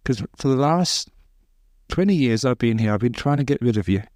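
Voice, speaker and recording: Monk guy telling funny stories in a dharma talk, mid pitch, laughs a lot, dry sound. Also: expressive, brisk, a little mellow, no echo. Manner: humorous, chuckles at his own jokes; conversational storytelling, with restarts. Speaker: Buddhist monk teaching meditation.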